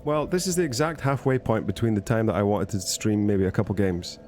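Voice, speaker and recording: A man's voice: fairly low pitch, fairly quick, darkish tone, faint music behind. A man streaming a game, chatting casually in a rambling, jokey way and often cutting himself off. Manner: rambling, self-interrupting, jokey. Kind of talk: casual gaming stream chat.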